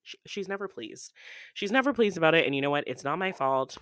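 Young woman rambling on her podcast at home, playful, dry close sound, pops up high and loud now and then. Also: lively intonation, fairly quick, no room sound. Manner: chatty, playful and rambling, with sudden loud jumps in pitch. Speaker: podcast host. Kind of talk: casual solo podcast chat.

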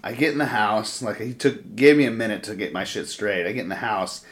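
A man's voice: on the low side, brisk. Swearing, rambling male podcast talker. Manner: profane, rambling storyteller. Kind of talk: casual podcast chat.

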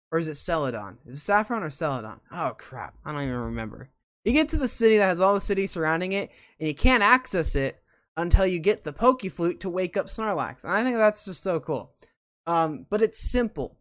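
A show host chatting casually and enthusiastically at a middle pitch. The talk rambles with plenty of fillers. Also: fairly bright tone. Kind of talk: casual chat about video games.

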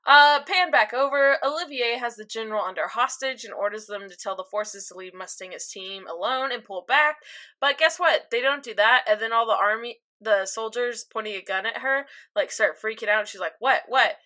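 A young woman co-hosting a casual podcast, chatting in a giggly way with quick asides while recapping an episode. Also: a little high, bright, forceful tone. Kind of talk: casual chat.

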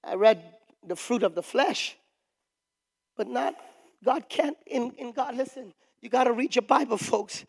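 A male pastor preaching a sermon emphatically, with shouted peaks and call-and-response with the congregation. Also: very high voice, measured pace, creaky. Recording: long reverb of a large hall.

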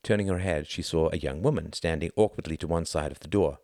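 Deep-voiced man narrating a novel. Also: a little mellow, no room sound, clean studio sound. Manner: measured storytelling. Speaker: audiobook reader.

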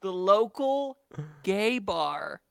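A man's voice: high-pitched, sing-song, very slow, creaky, crowd noise. Sarcastic, profane young man riffing. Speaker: podcast co-host. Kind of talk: casual podcast banter.

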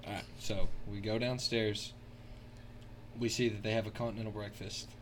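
A man's voice: lowish voice, flat delivery, background noise. Goofy man playing a tabletop game. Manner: goofy, laughing, quick asides. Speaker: player. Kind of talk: casual tabletop game play.

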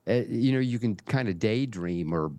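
An older man, a guest on a podcast, speaking in a measured, reflective way. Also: lowish voice, lively intonation, a little mellow, no room sound. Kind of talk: conversational interview.

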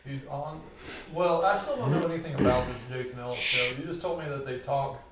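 A man's voice: medium pitch, fairly quick, heavy background noise. A man co-hosting a podcast in casual, swearing banter. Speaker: podcast co-host. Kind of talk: casual chat.

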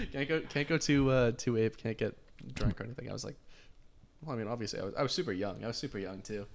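A man's voice: medium pitch, fast, gravelly. A young man as a podcast guest, chatting casually at home in a playful, goofy way and swearing freely. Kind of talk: casual chat. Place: home kitchen.

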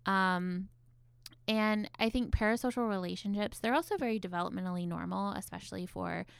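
A woman's voice: medium pitch, fairly quick, vocal fry, clear, resonant tone, dry recording. A woman therapist co-hosting a podcast, talking casually with frequent "um" and "like.". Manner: conversational, hesitant fillers.

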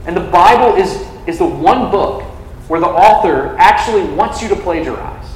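Young male preacher, casual sermon voice, slightly high, filler-heavy, echoing hall. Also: lively intonation, normal speed, slight background noise. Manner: conversational, frequent "like" fillers. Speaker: campus ministry preacher. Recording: echoey hall from a distance.

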